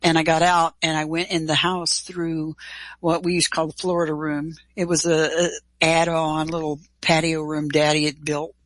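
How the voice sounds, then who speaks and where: A middle-aged woman telling a personal story in an interview, animated and casual, acting out quoted dialogue. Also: deep voice, moderate pace, no echo, low-quality recording. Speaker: guest.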